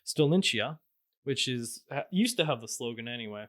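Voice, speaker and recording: A man's voice: medium pitch, normal speed. A young man from Canada co-hosting a podcast, chatting casually with many fillers and restarts. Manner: relaxed, hesitant, frequent fillers and restarts. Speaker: podcast co-host. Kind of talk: casual chat.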